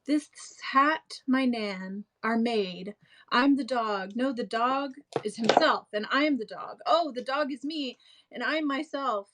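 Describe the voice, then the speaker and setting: A woman's voice: on the high side, a little slow, very noisy, pitched above the performer's own voice, close to an everyday voice. A woman reading aloud as a clownish young male servant grieving over his family, with big exaggerated swoops in her delivery. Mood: theatrical lament.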